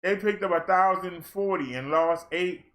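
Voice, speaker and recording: A man's voice: high-pitched, moderate pace, fairly bright tone. A man from Maryland on a casual livestream, reading a long list of numbers and breaking in with playful asides and exclamations. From Maryland, USA. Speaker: fitness streamer. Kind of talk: casual livestream rundown of daily figures.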